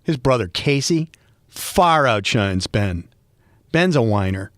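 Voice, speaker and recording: A middle-aged man from Boston with a Boston accent, hosting a solo podcast and rambling with wry, self-mocking humor and bursts of mock yelling. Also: mid-range voice, lively intonation, slow pace, no room sound, clean studio sound. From Boston, USA. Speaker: podcast host. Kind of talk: freeform solo podcast monologue.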